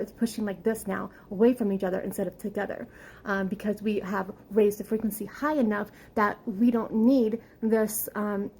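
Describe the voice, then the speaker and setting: Soft-toned woman, earnest and rambling. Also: medium pitch, slightly rough, low-quality recording. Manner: rambling, earnest, many fillers; emotional, close to tears at times. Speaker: spiritual channel. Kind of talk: casual spiritual talk.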